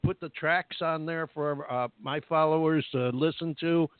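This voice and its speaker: Here a male radio talk show host keeps things chatty and jokey, often laughing as he speaks. His slightly high voice is clean and steady at a measured pace, with no room sound, but the audio has a narrow, phone-like quality.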